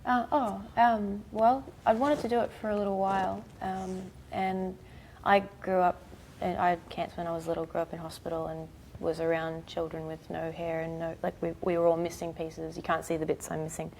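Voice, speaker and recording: A woman in her thirties with an Australian accent, a guest chatting casually in an interview, soft-spoken and halting with many fillers. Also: fairly low pitch, little pitch movement, gravelly, a little hiss or hum, low-quality recording. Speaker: actress guest.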